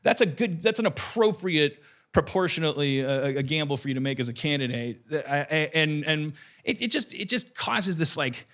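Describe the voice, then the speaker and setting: Animated rambling podcast host, a man. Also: fairly high pitch, moderate pace. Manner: rambling, animated, swears freely, jokey asides. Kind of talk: casual comedic podcast talk.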